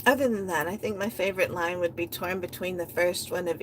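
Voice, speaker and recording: A woman hosting a poetry reading, reading poems in a rhythmic, chant-like way and talking about them with hesitant pauses and restarts. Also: on the low side, steady tone, fairly bright tone, slight background noise, low-quality recording. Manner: hesitant fillers and restarts in her chat, rhythmic chant-like recital.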